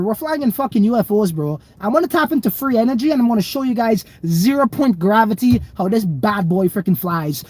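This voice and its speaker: A man's voice: extremely high pitch, dry recording. Livestream host, male: loose and profane, laughs a lot while riffing on the chat. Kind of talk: casual livestream chat reading viewer comments.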